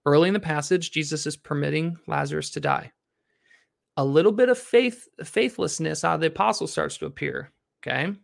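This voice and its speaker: A man with a slightly higher voice and a gravelly edge reads a Bible passage and then teaches on it. He reads steadily and explains with rising questions for his class. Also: brisk. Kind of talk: scripture reading and teaching.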